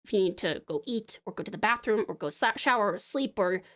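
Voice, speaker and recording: A woman's voice: medium pitch, lively intonation, fairly quick. A woman from Tasmania with an Australian accent, chatting casually on a live stream. She is bubbly and affectionate, swears freely, laughs often, and rambles while sketching.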